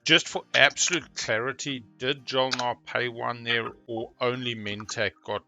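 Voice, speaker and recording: A man's voice: medium pitch, fairly even intonation, measured pace. Talkative male player on a voice call, music behind. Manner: talkative, chatty. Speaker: board game player. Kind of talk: casual game-table banter. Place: online voice call.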